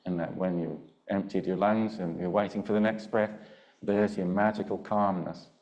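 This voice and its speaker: An older man teaching a Pilates class over a video call, giving gentle step-by-step breathing and movement cues and checking in often. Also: sits low, moderate pace, muffled recording. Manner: calm, gentle cueing with frequent check-ins. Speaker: Pilates instructor. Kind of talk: live online class instruction.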